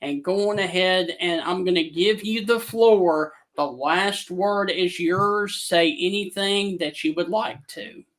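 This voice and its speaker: A man's voice: high-pitched, slow pace, few pauses, fairly bright tone, rough recording. A man co-hosting a casual sports interview, wrapping up with easy remarks. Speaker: podcast co-host.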